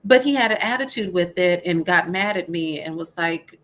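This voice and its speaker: A woman's voice: on the low side, moderate pace, fairly bright tone, a little hiss or hum. A middle-aged woman guest telling a hard personal story candidly, with many fillers and restarts.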